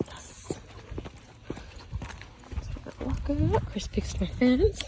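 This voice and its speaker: A woman's voice: animated, moderate pace. Chatty woman dog trainer, bouncy voice, jumps way up for commands, noisy outside. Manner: sharp, high-pitched commands to the dog mixed with chatty explanations. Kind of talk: casual training vlog. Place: outdoor yard.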